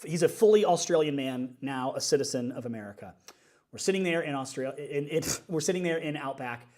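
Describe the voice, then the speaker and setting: A man's voice: a little high, fairly quick, a little mellow. A man, a worship leader, chatting casually and upbeat on a livestream while working things out aloud.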